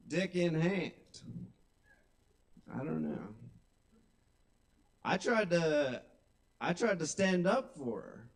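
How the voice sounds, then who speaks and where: Slow deadpan young man doing stand-up. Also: mid-range voice. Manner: deadpan, drawn-out delivery with sudden loud punchlines. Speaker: stand-up comedian. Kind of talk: stand-up comedy at an open mic. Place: small kava bar stage.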